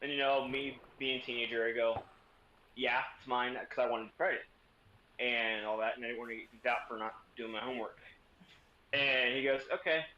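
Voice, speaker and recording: A man's voice: mid-range voice, little pitch movement, brisk, pushed and bright, highs cut off. A young man, a streamer, casually telling a rambling story and swearing freely.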